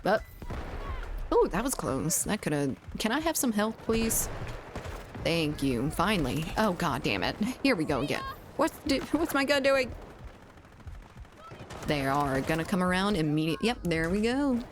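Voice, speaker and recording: Southern US woman streamer, lowish voice with swooping, animated delivery, chatty and playful. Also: moderate pace, background noise. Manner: chatty and playful, with frequent laughs. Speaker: game streamer. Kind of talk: casual chat while gaming, reading chat aloud.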